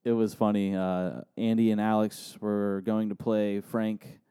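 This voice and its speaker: Mellow, smooth-voiced man laughing through stories. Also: fairly low pitch, little pitch movement, measured pace, no room sound, studio quality. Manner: laughs often while telling anecdotes, many fillers. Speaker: podcast co-host. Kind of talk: casual chat.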